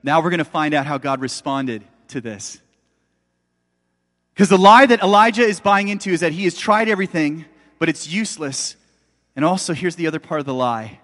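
A man's voice: on the high side, normal speed, fairly bright tone. A middle-aged man preaching a sermon as a pastor, in a conversational, emphatic way that speaks straight to the listeners. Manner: conversational, emphatic, addresses audience directly. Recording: long hall reverb.

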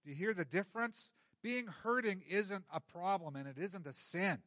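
Man, middle-aged pastor, sermon, animated delivery, fairly high voice, dry sound. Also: moderate pace, no room sound. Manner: animated, acts out the scripture scenes.

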